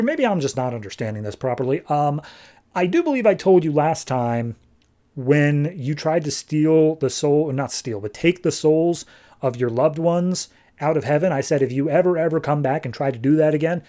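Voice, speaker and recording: A man casually recapping a comic book issue on a podcast, retelling the plot loosely and tossing in quick offhand voices for the characters. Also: a little high, animated, dark tone. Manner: loose and chatty, with fillers and restarts.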